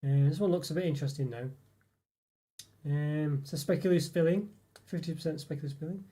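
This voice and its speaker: Reviewing chocolate live, a man chats in a meandering way, reading viewers' comments aloud with many fillers and chuckles. His voice leans high and mellow, and his pace is brisk.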